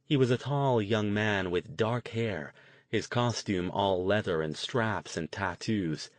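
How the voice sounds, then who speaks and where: Reading a novel aloud as an audiobook narrator, this man keeps an even, measured storytelling tone. His voice is on the low side, the narration is scripted, and there's no room sound.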